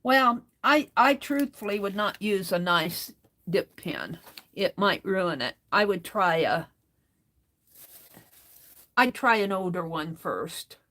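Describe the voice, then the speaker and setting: A woman's voice: mid-range voice, animated, slow, long pauses, sharp tone. A woman hosting a crafting livestream, chatting casually and reading viewer comments aloud as she works.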